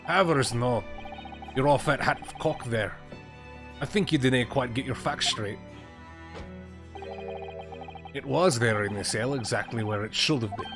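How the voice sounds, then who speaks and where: A man voicing a blunt, gruff male prison governor with a Scottish accent, reading a game's lines over game music. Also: mid-range voice, moderate pace, natural voice. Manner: brusque, dialect-heavy delivery.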